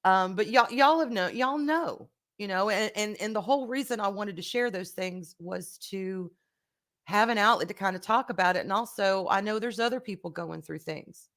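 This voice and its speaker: A woman hosting a casual live stream, candid and rambling, swearing freely and swinging between soft and loud as she answers viewers. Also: mid-range voice, moderate pace. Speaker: livestream host.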